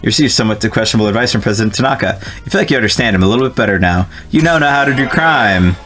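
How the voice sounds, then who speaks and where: A man's voice: medium pitch, lively intonation, very fast, over music. A man from New Jersey streaming a video game, chatting casually with his viewers, laughing and swearing often as he reads the game text aloud. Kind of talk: casual let's-play commentary.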